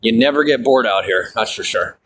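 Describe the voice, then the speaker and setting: A man's voice: medium pitch, brisk, a bit bright, a little hiss or hum, low-quality recording. A man chatting casually and bluntly while walking down a city street filming a vlog, swearing freely. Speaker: vlogger.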